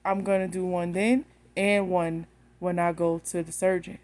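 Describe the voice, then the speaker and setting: A woman's voice: on the low side, little pitch movement, moderate pace, darkish tone. A woman, telling a story bluntly and with animation straight to her phone camera. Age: 30s. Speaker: vlogger.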